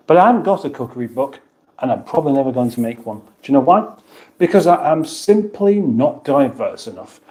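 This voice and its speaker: A man's voice: mid-range voice, a little mellow. A British man hosting a casual livestream, reading viewers' comments aloud and answering them with dry, rambling banter. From United Kingdom. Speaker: livestream host.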